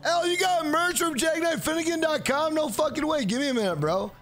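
A man streaming a video game live, swearing freely and loudly hyping up his donors. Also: extremely high pitch, fairly quick. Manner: profane, hyped, shouts out donors. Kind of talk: live gameplay stream chat.

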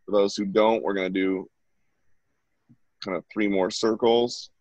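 A man's voice: lowish voice, steady tone, measured pace, darkish tone, no echo. A man at home giving a casual, chatty live drawing lesson and talking while he sketches. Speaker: drawing instructor. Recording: dull lo-fi, dry sound.

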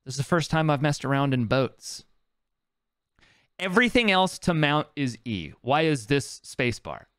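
A man's voice: medium pitch, big pitch swings, a little slow, a bit bright, clear, resonant tone, dry recording, studio quality. A man giving casual commentary on his own gaming, exasperated and self-mocking, with frequent swearing. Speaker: game streamer.

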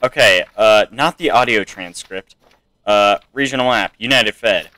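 A young man with a lowish, sharp-toned voice speaks at a measured pace, with no echo. He comments casually on his video game playthrough, reading on-screen text aloud and adding chatty, joking asides.

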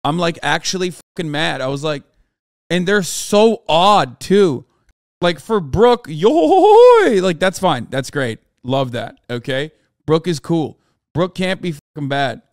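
A man's voice: fairly high pitch, lively intonation, a little slow, no room sound, clean studio sound. A man streamer in a casual, profane rant, talking emphatically and sounding exasperated.

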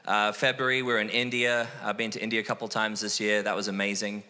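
A man from Australia, a missionary guest telling animated, self-deprecating stories in a casual interview. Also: fairly low pitch, fast talker. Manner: animated, acts out quoted voices, self-deprecating. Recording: long hall reverb.

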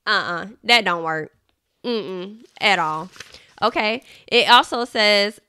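Woman, podcast host, bright tone, smooth clear voice, casual chatty book talk. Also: mid-range voice, very slow. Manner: chatty, animated, laughs often, addresses listeners as y'all.

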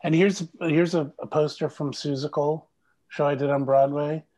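A middle-aged actor chatting as a guest over a video call, telling animated stories and laughing often. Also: male voice, a little high, normal speed. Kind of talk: casual video call interview.

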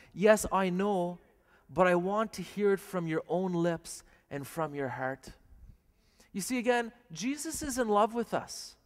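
In a televised sermon, a priest with a fairly high voice preaches in an earnest, plain manner, often putting questions to his listeners. A long reverb makes his words ring out as though in a large hall.

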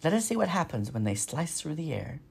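Man voicing a calm robot mother. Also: on the high side, brisk, gravelly, slight background noise, pitched above the performer's own voice. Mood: encouraging.

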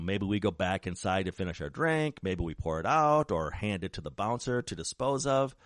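A man hosting a talk show, explaining ideas in a measured, lecturing way with frequent ums and restarts. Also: deep voice, no room sound, studio quality. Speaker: podcast host, criminologist.

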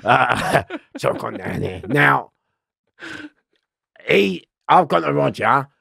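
A man's voice: mid-range voice, big pitch swings, slow pace, vocal fry, sharp tone, slightly rough, dry recording, clean studio sound. A middle-aged man, telling rambling, slangy prison stories in a casual interview, swearing and laughing often.

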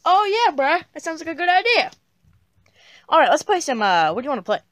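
A woman's voice: high voice, very animated, fairly quick, a bit bright, no room sound, clean studio sound. A woman voicing a laid-back male dinosaur imaginary friend who drawls slang in a plush puppet comedy. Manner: drawling, says bruh constantly.

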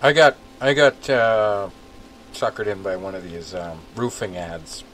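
A man's voice: fairly low pitch, unhurried, a bit bright, slight background noise, low-quality recording. Rambling man chatting on a podcast. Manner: rambling, filler-heavy storytelling. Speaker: podcast co-host. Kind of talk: casual chat.

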